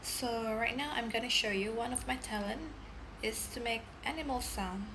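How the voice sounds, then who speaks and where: A young adult woman making a playful home video, introducing each animal sound in an easy, unhurried way. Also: a little high. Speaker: vlogger. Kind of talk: casual chat. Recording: noisy background hiss.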